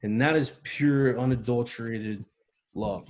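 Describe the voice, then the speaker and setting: A man's voice: medium pitch, a little slow. A man, a military veteran guest, telling a heartfelt personal story and acting out the voices and sounds in it. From United States. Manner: vivid storyteller, acts out quoted voices and sounds.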